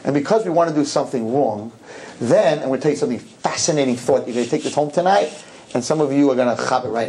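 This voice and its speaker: A man's voice: on the high side, a little mellow, poor audio. A man speaking as a rabbi, telling a story to a live audience and acting out both sides of the conversation in shifting voices.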